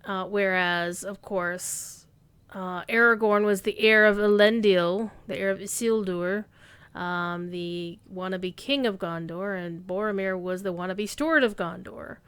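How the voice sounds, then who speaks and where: Smooth-voiced woman chatting while gaming. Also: medium pitch, a little slow, a bit bright. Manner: chatty and rambling, thinking aloud. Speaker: game streamer. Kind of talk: casual gaming stream chat.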